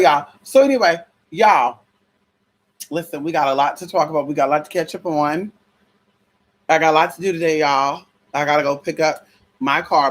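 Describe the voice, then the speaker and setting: A vlogger telling a story in a casual, profane, chatty way, calling viewers y'all, girl and honey. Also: mid-range voice.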